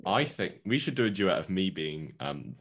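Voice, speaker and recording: A man co-hosting a podcast in casual chat, with a bass voice, teasing and laughing often. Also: sing-song, moderate pace, a bit bright, dull audio. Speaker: podcast co-host.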